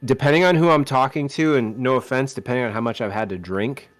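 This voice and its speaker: A man's voice: mid-range voice, fast talker, no echo. Rambling man on a casual podcast. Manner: rambling, restarts phrases, joking. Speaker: podcast co-host. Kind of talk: casual chat.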